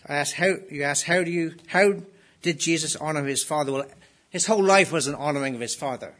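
Higher-voiced man preaching an emphatic sermon. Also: brisk, a bit bright. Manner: emphatic, dramatizes quoted lines with rising intensity. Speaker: pastor. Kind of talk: expository sermon.

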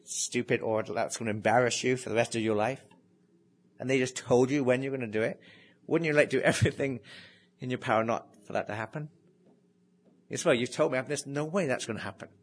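A man preaching a sermon, animated and full of rhetorical questions, dropping to a near hush to stress key words. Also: medium pitch.

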